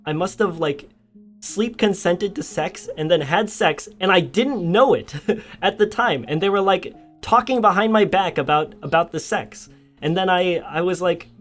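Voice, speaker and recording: A young man chatting casually on a livestream, telling a story with frequent laughter and reacting to chat. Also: high-pitched. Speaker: streamer.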